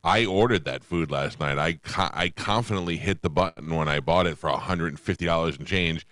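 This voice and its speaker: A radio host with a deep voice and a bright, forceful edge tells a story in loose studio banter. He sounds animated as he acts out the other voices in the dialogue. The sound is dry and close. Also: a little fast, no room sound.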